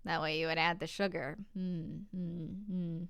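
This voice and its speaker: A woman's voice: lowish voice, level tone, measured pace, a bit bright, clear, resonant tone, no room sound. Chatty woman playing a game. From Southern United States. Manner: chatty, rambling and self-deprecating. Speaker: gaming streamer. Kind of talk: casual let's-play commentary.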